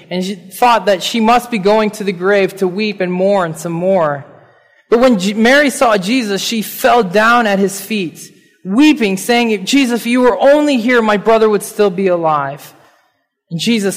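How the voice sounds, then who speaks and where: Earnest high-voiced male pastor in a hall. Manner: earnest, slows down on key verses. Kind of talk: sermon with scripture reading.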